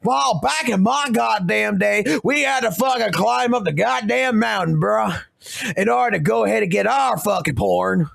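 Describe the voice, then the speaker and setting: A cranky old grandpa, put on by a man scolds in a raised, gravelly voice and curses in nearly every breath. He rants about the old days with fierce, profane grumbling. The sound is dry and close. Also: sits high, moderate pace, fairly bright tone, no room sound, pitched above the performer's own voice, heavily acted.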